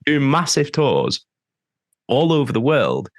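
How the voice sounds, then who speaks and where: A man's voice: mid-range voice, huge pitch swings, takes it slowly, no room sound, clean studio sound. A man with a northern English accent, a band member talking as a podcast guest in blunt, sweary, fired-up rants. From England. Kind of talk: podcast interview.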